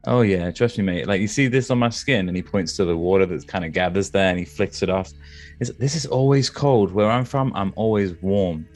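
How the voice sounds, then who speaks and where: Low-voiced man in casual role-play. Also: brisk, few pauses. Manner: casual, chummy, says "mate". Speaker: player.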